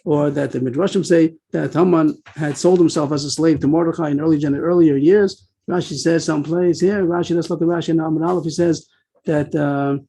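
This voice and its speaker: A man teaching a Talmud lesson over a video call, with a husky, mellow voice that sits a little high. He reads the text at a rapid clip, then slows down to explain, filling gaps with pauses and hesitations. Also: fairly even intonation, poor audio. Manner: reads Aramaic text fast, then explains slowly with many pauses and fillers. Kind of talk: daf yomi class on a video call.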